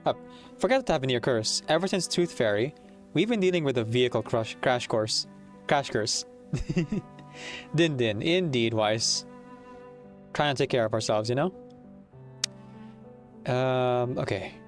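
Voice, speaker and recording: A man streaming a game, chatting casually and rambling along, catching and fixing his own words. His voice sits at a middle pitch, with faint game music behind him. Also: expressive, unhurried, long pauses. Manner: rambling, self-correcting. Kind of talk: casual chat while playing a game.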